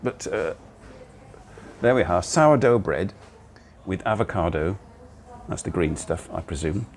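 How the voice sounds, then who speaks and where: A man's voice: deep voice, lively intonation, unhurried, slight background noise. An older man hosting a casual livestream from a cafe, chatting in a rambling way while he eats, recorded on a phone on a gimbal. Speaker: livestream host. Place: cozy cafe, indoors. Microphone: phone on a handheld gimbal.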